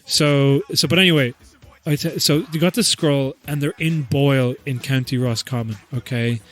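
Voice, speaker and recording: Brief: guy, mid-pitched, loose, sweary comedic podcast rambler. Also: steady tone, normal speed, a bit bright. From Ireland. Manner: profane, rambling, joking, laughs often. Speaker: podcast host.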